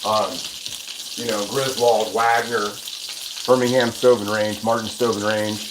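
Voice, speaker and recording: Speaking at a measured pace in a level tone, this man has a lowish voice. He hosts a cooking livestream at his home stove, rambling chattily with frequent restarts while cooking and replying to viewers. Frying sizzle makes the audio noisy, and a sizzling pan and running water can be heard.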